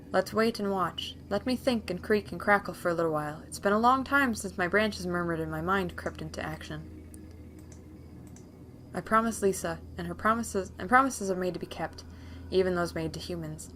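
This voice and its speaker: A woman voicing an ancient, weary tree spirit in a video game, speaking slowly and solemnly. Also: fairly low pitch, a little hiss or hum, natural voice. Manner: slow, hushed, solemn.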